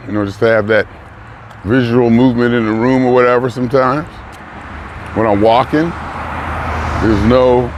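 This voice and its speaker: An older man vlogging in a casual, musing way, trailing off mid-thought as he reflects aloud. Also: medium pitch. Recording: noisy outdoor traffic. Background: passing cars and street ambience.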